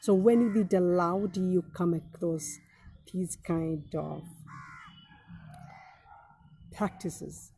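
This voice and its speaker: A woman teaching English, giving study tips in a deliberate way, often repeating key phrases and starting with "now". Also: fairly low pitch, gravelly, dark tone, breathy edge.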